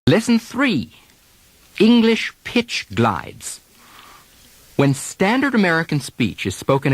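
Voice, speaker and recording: A man teaching accent drills on a taped lesson, modeling example sentences slowly and deliberately. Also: on the high side, a bit bright, no echo. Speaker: dialect coach.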